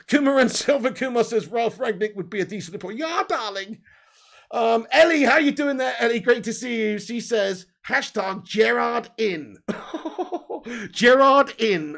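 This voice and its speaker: Sweary, gravelly-voiced male stream host. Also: high voice, fairly bright tone. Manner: loose, sweary, laughs often. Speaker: fan channel host. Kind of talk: live stream chat, reading comments.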